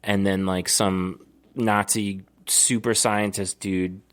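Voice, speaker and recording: Deep-voiced man in rambling podcast chat. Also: little pitch movement, slow. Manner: rambling, profane storyteller. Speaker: podcast co-host. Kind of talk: casual chat.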